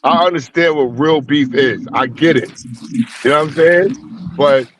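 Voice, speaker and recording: A man with a somewhat high voice talking earnestly in a casual podcast chat. He speaks in street slang and keeps checking in with his listeners, with a faint hiss behind him. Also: normal speed. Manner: earnest street talk, frequent "you know what I'm saying".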